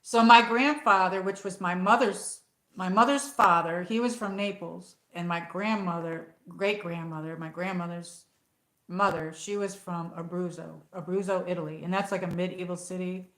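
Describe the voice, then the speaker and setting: A woman's voice: on the low side, fairly even intonation, moderate pace, fairly bright tone, roomy sound, low-quality recording. A woman hosting a casual livestream, chatting in a rambling way with many fillers while answering viewers. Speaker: livestream host. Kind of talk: casual livestream chat reading comments.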